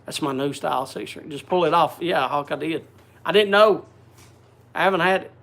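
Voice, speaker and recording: A man's voice: on the high side, normal speed, vocal fry, fairly bright tone. A man hosting a casual livestream, chatting and greeting viewers by name. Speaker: livestream host. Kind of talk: casual chat.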